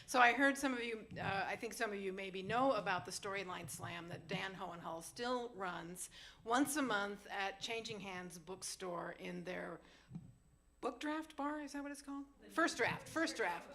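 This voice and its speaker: Lady host chatting on stage, kinda gravelly but bright voice, loses her words a bit. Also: mid-range voice, a little slow. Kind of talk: casual onstage chat.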